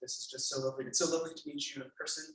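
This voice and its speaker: A male author thanking guests with halting, filler-heavy speech and then reading from his memoir at a bookstore event. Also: mid-range voice, fairly even intonation, fairly bright tone. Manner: hesitant with many fillers, then measured reading. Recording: echoey room, mic far off.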